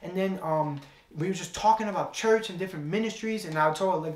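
A young man preaches a sermon, mixing a personal story into his message and repeating phrases for weight. His voice sits a little high for a man. The sound carries the echo of a church hall. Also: brisk.

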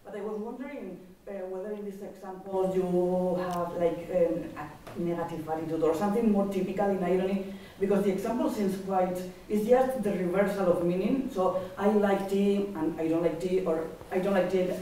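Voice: medium pitch, fairly even intonation, moderate pace, hardly any pauses, warm tone. An audience member asking hesitant questions in an academic discussion, with frequent fillers. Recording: roomy, distant from the mic.

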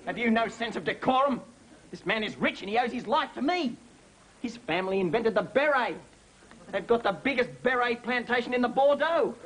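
An actor playing a bossy, boastful and greedy station boss. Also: male voice, very high-pitched, animated, normal speed, fairly bright tone, heavily acted. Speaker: sitcom character. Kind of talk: sitcom acting.

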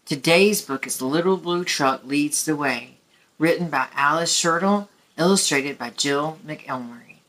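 Slow, bright-voiced woman reading to kids. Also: low-pitched. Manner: gentle, slow and expressive for children. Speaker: children's story reader. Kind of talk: read-aloud story time.

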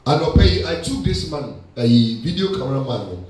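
A man's voice: a little high, a little fast. A man with a Ghanaian accent preaching a sermon, mixing Twi and English. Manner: switches between Twi and English, animated preaching. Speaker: pastor. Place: church hall. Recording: echoey church hall from far off.

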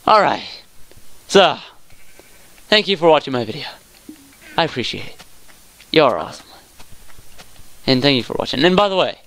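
A young man casually commenting on his own gameplay, talking to himself and his viewers, saying y'all a lot, with excited outbursts. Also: mid-range voice. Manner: says y'all often. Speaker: let's play gamer.

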